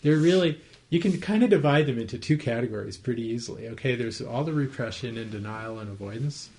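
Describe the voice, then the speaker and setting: A man leads a dharma talk on meditation for a small group in a home, his mid-range voice quick and lively in intonation. He explains gently and conversationally, often asking listeners to confirm they're following.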